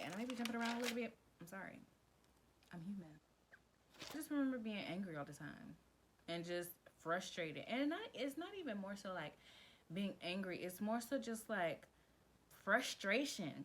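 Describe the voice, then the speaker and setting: A woman's voice: mid-range voice, animated, normal speed, fairly bright tone, low-quality recording. A woman vlogger talking casually to camera, giving advice in a chatty, emphatic way and calling the viewer girl and babe. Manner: glances down at written notes.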